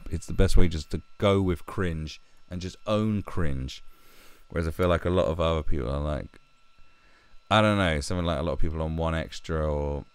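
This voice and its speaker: Deep-voiced British man with blunt commentary. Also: clean tone, no room sound. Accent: British English. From Britain. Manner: blunt and crude, mocks voices. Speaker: commentary video host. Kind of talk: casual commentary.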